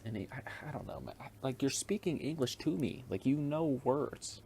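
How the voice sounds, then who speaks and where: A man's voice: mid-range voice, lively intonation, moderate pace, creaky, hardly any pauses, darkish tone, slight background noise. A young man hosting a casual solo podcast, rambling and swearing freely with frequent chuckles. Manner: profane, rambling, chuckles often. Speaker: podcast host.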